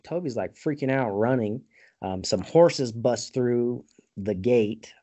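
A man's voice: mid-range voice, slow, warm tone. A man hosting a podcast, casually recapping a movie in a rambling, profane way and laughing often, recorded over a video call. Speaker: podcast host.

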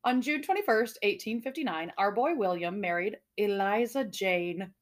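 A woman's voice: mid-range voice, expressive, moderate pace. A woman hosting a podcast, reading out a mystery in a casual, jokey way with frequent laughs and swearing. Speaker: podcast host.

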